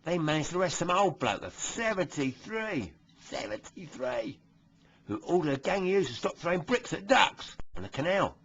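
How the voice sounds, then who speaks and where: A man doing a smug, husky copper. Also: a little high, very animated, normal speed, a bit bright, dull audio, full character voice. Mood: smug gossip. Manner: chatty, nudging tag questions. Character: smug bigoted male British police constable. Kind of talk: satirical comic monologue.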